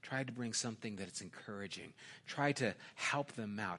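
A middle-aged man preaching a sermon in a conversational way, swinging from loud emphasis down to quiet, intimate asides. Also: fairly low pitch, expressive, moderate pace. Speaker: pastor.

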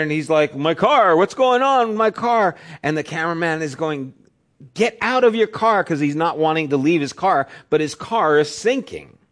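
A middle-aged man who is a pastor, giving a sermon in a conversational, storytelling way. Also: on the high side. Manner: conversational storytelling, acts out quotes in raised voice.

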